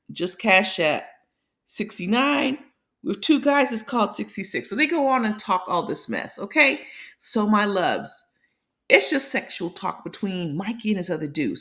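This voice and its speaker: Woman gossiping thru a reality show recap, voice bouncing all over, chatty n dramatic. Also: medium pitch. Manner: chatty, animated storytelling, calls viewers "my loves". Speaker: reality TV commentary host. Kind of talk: casual recap commentary.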